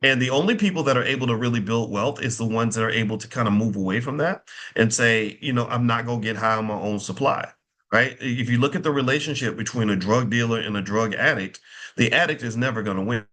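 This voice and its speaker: A middle-aged man talks through money lessons in a loose, preacherly monologue. His voice is bright and forceful, and he drives his points home by repeating them. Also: medium pitch, fast talker. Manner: animated, preacherly, repeats phrases for emphasis. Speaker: finance educator and show host. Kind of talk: casual monologue.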